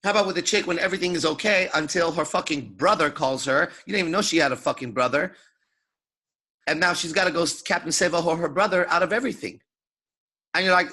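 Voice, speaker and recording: A man's voice: high-pitched, expressive, a little fast, pushed and bright, breathy edge. A man coaching seduction in a crude, emphatic lecture, swearing constantly and acting out his own thoughts. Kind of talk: profane motivational lecture.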